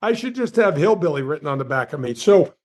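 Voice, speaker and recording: Man, 60s, ex-golf pro, higher voice, animated storyteller. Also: quick pace. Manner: lively storyteller with big pitch swings; addresses the host by name often. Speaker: guest, former tour golf pro. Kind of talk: animated anecdote telling.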